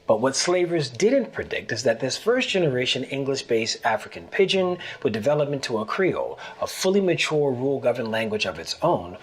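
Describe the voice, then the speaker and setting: Husky-voiced Gullah Geechee teacher, measured scripted narration, lively pitch. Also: male voice. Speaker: language teacher.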